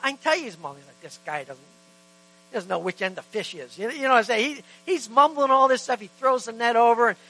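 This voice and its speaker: A man with a strikingly high, bright voice preaches in a church, swinging between loud, emphatic declarations and hushed, intimate lines. He talks to his congregation in a conversational way, acting out dialogue in asides. A faint electrical hum sits under his voice. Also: low-quality recording. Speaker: pastor. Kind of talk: sermon.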